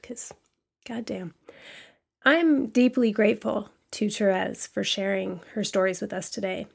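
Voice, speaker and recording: A woman hosting a podcast, talking in an emphatic, frank way and reading aloud in a measured cadence. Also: mid-range voice, fairly even intonation, creaky, breathy edge. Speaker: podcast host. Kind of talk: solo podcast commentary and reading.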